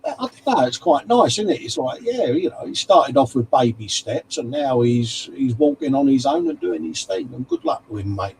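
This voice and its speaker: A man's voice: medium pitch, huge pitch swings, normal speed, creaky, few pauses, a little mellow, a little hiss or hum, low-quality recording. A man co-hosting a casual livestream chat, reading out viewer comments and calling everyone mate. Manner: chatty, calls everyone mate. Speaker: livestream co-host.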